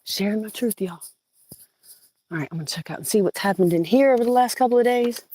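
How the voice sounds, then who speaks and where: Live-streaming casually on an old phone, a southeastern Virginia woman with a Southern accent strolls her home garden, cooing at plants and greeting viewers. She's chatty and animated, talking fast in a mid-range voice, and the recording is dry.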